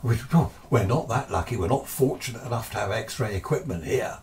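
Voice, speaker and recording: A man's voice: mid-range voice, lively intonation, fairly quick, a little mellow, far from the mic, a little hiss or hum, lightly acted. A man voicing an eager, rambling, bearded Victorian doctor who gesticulates as he talks. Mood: eager, excitable.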